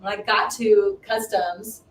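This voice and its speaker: Animated woman in her fifties, roomy echo. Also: slow. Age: 50s. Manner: animated, acts out quoted voices with big swings in pitch. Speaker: co-host. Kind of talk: casual storytelling chat. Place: home live stream. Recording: roomy echo, distant mic, faint noise.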